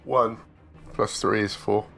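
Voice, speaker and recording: Hesitant low-voiced man at the game table. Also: steady tone, slow, gravelly, sharp tone, soft background music. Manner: hesitant, asks rules questions. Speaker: player.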